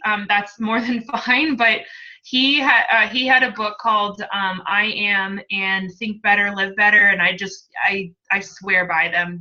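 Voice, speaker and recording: On a muffled recording, a woman with a sharp, medium-pitched voice tells her own story as a guest coach. Talkative and emotional, she laughs a lot while giving frank, testimonial-style talk.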